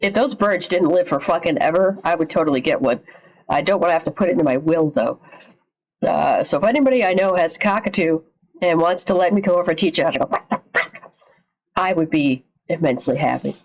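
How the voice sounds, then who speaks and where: A slightly low-voiced woman streams from her home setup and reacts out loud. She chats casually, swears freely and drops sarcastic asides. Her voice comes through a desk mic. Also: animated, quick pace, poor audio.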